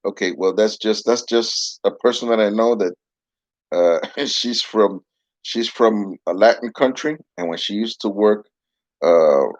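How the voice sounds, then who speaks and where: A man's voice: on the low side, a little slow, no echo. A man giving a casual Bible lesson with a puppet, talking in a soothing, patient, rambling way, on a dull, dry lo-fi recording.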